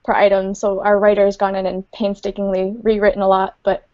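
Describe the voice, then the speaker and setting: Woman, community manager, casual interview guest; giggly, hesitant, mid pitch, lo-fi call audio. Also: monotone, a little fast, darkish tone. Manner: hesitant, laughs often, many fillers. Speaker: game studio community manager.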